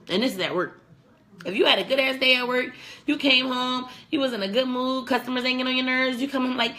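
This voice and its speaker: A woman's voice: high-pitched, brisk. A young woman hosting a casual advice vlog, talking bluntly with plenty of swearing. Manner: blunt, profane, animated. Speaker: vlog host.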